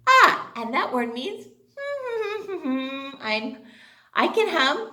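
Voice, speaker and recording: A woman's voice: sits high, sing-song, very slow, bright, forceful tone, echoey room. A woman teaching a kindergarten class, talking in a sing-song way with exaggerated enunciation, prompting and praising the children. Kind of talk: online class for young children.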